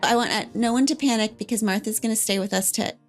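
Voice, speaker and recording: A woman's voice: a little high, fast, faint music behind. A woman hosting a podcast in a friendly, plain-spoken way, speaking straight to her listeners. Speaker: podcast host.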